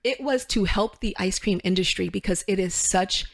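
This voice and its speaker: A lively woman in her fifties from the United States, chatting as an interview guest. She tells her stories with energy, often bursts into laughter and exclaims loudly. Her voice sits at a medium height. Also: medium pitch, normal speed, gravelly. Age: 50s. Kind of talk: casual interview chat.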